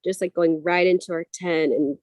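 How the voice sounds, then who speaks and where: A woman's voice: fairly low pitch, steady tone, darkish tone, slight background noise. A woman in her thirties co-hosting a casual livestream, chatting and telling family stories. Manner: chatty storytelling, quick asides. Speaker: co-host.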